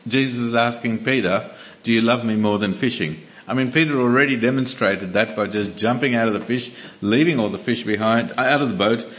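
A man preaches in an easygoing, conversational sermon. His voice sits at an ordinary middle pitch, and he often trips into small restarts and fillers as he works through his point. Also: fairly bright tone. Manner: conversational, many restarts and fillers, slows down to read scripture.

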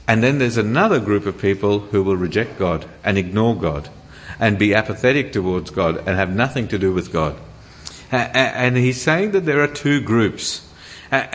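A man preaching a sermon, asking rhetorical questions and often restarting his words with small stammers. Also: mid-range voice.

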